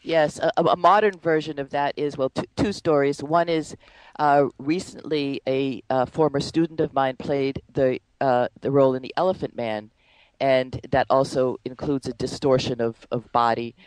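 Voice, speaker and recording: A woman's voice: very deep voice, fairly even intonation, moderate pace, darkish tone, no room sound, poor audio. Woman guest, a movement teacher; chatty, thoughtful storyteller on a dry, close mic. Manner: thoughtful, storytelling, frequent fillers. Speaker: Alexander Technique teacher. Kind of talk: conversational interview.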